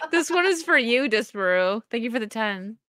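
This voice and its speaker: Giggly woman host on a stream, high-ish bright voice, bouncy and teasing. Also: big pitch swings, normal speed. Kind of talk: casual chat.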